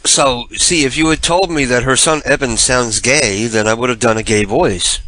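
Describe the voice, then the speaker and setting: A man's voice: medium pitch, moderate pace, bright, forceful tone, low-quality recording. A man hosting a radio show, talking in a rambling, offhand way. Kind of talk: casual radio talk.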